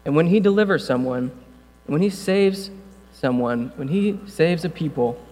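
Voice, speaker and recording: A male pastor giving a casual sermon, talking conversationally with jokey asides and building to loud, passionate preaching. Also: fairly high pitch, expressive, a little slow. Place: church room. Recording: long hall reverb, mains hum.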